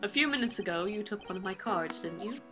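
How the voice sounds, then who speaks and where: A woman's voice: mid-range voice, animated, quick pace, music in the background, lightly acted. A woman voicing a vain, flamboyant male circus magician in an amateur game reading, drawling and theatrical. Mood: smug. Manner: theatrical, drawling, calls people sweetie.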